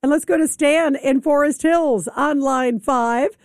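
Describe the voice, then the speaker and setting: An opinionated woman hosting a political call-in show, her voice pitched high. She speaks over callers with firm conviction, and the studio sound is dry and close. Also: a little slow, no echo. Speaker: radio talk show host. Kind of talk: political call-in radio talk.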